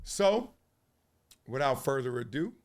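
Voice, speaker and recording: A man's voice: mid-range voice, big pitch swings, takes it slowly. A man hosting a casual sports commentary show, joking and trash-talking, now and then breaking into freestyle rhymes. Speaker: host.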